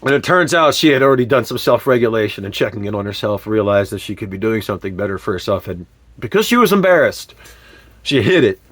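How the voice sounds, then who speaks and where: A man's voice: on the low side, quick pace, no room sound. Candid man telling a personal story. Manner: candid and animated, with frequent fillers and sudden swear words. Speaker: vlogger.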